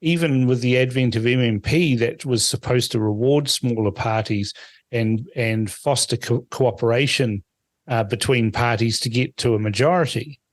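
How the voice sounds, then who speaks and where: Blunt New podcast host, dry sound. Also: male voice, mid-range voice, normal speed, no echo. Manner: blunt, firm, repeats points for emphasis. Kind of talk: political talk show.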